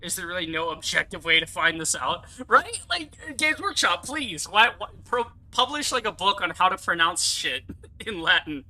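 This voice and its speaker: A young American man giving casual, rambling gameplay commentary, excitable and swearing freely. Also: high-pitched, low-quality recording. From United States. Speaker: let's play YouTuber.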